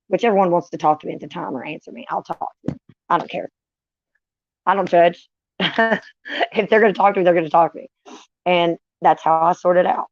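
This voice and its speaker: Gravelly woman vlogging candidly. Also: on the low side, no room sound. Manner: candid, profane, with dark humor. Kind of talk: casual, unfiltered storytelling. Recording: dull, dry lo-fi sound.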